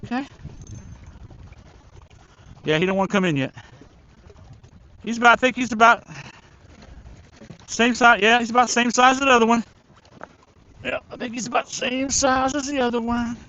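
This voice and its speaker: A man streaming a fishing tournament live from a riverbank, chatting excitedly and talking to the fish he reels in. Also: extremely high pitch, normal speed, pauses often. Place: outdoors by a river.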